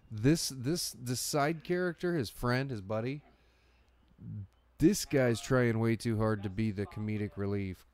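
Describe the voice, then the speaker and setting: A man's voice: medium pitch, unhurried, a little mellow. A man giving casual, crude, jokey commentary over a horror movie, often laughing. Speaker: co-host.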